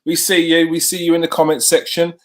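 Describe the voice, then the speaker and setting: Hosting a live show, this man speaks briskly in a slightly high voice. He's lively, addresses the chat directly, and keeps repeating himself.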